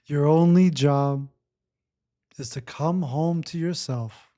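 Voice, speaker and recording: Guy leading a breathwork session, kinda high voice, talks real slow and gentle, keeps repeating stuff. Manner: slow, repetitive, gently instructive. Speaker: breathwork facilitator. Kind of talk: guided breathwork talk.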